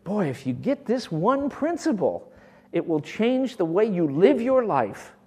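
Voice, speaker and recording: A man preaching a sermon with great passion, swinging from loud bursts down to near whispers. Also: high-pitched, big pitch swings, unhurried, slightly rough, in a large hall.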